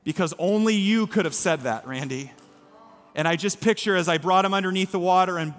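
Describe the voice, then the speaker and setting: A man's voice: on the high side, fairly bright tone. A man preaching a sermon as pastor, telling a story earnestly in a church. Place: church sanctuary. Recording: reverberant hall with faint music.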